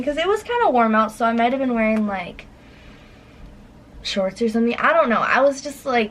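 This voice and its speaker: A woman telling a personal story in casual chat, rambling with lots of fillers and acting out her past lines in a higher voice. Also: lively intonation, normal speed, slight background noise, rough recording. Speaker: guest storyteller.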